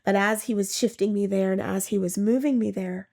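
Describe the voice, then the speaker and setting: A woman giving a personal faith testimony, halting and emotional, often repeating words and acting out what she said at the time. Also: medium pitch, fairly even intonation, vocal fry, darkish tone. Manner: acts out her own past words. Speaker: testimony speaker.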